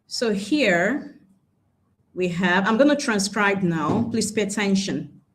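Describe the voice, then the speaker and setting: A woman from Nigeria with a Nigerian English accent, teaching a classroom lesson on word stress and slowing down to repeat key words. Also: mid-range voice, animated.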